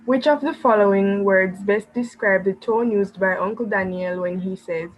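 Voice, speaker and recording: A woman student reading an exam question aloud in a steady, measured way. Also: mid-range voice, vocal fry. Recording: dull lo-fi with faint noise.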